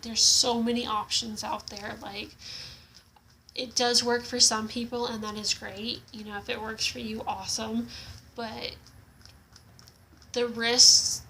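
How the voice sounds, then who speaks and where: A woman's voice: fairly high pitch, bright, forceful tone, slight background noise, rough recording. A young woman telling her story in a casual home vlog, frank and frustrated, with lots of fillers and restarts. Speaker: vlogger.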